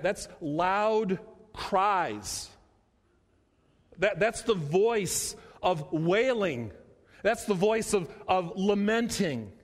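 A male pastor delivers a sermon in a fairly high voice. He repeats his phrases and slows right down to lean on the words that matter. Long reverb from a large hall trails behind every line.

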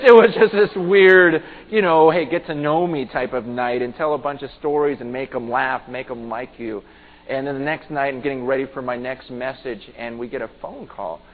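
A man preaching a sermon, earnest and pleading, often repeating his words as he urges the listeners. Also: mid-range voice. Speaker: pastor. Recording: phone-like sound with long hall reverb.

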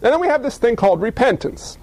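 High-voiced man preaching a folksy sermon. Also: fast. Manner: folksy and animated, acting out quoted voices.

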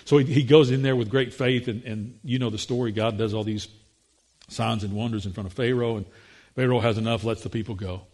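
Husky-voiced man preaching a sermon. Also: fairly quick. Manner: acts out voices in quotes, rising excited pitch.

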